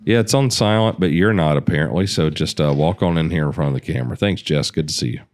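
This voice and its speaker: A man hosting a casual podcast chat, laid-back and profane, quick to laugh. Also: rumbling low. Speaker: podcast host and gun company owner.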